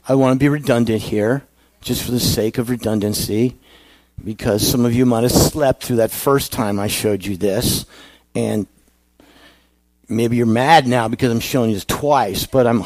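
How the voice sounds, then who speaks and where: A man's voice: mid-range voice, darkish tone, no echo. A male pastor giving a conversational sermon, asking the congregation questions.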